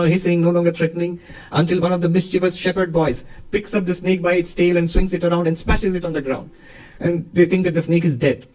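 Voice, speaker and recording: A man, a monk and spiritual teacher, giving a lively, storytelling spiritual talk in answer to a question. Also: on the high side, recorded from a distance, low-quality recording.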